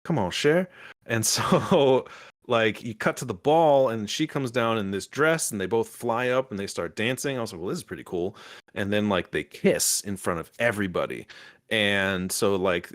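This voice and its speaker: A young man recaps with raw, excitable energy, cursing freely and jumping into little acted-out quotes. His voice sits low in pitch. The sound is close and dry, with almost no room around it. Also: dry recording. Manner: excitable, swears often, acts out quotes in shifting pitch. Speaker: podcast co-host reviewing a show. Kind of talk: emotional casual recap.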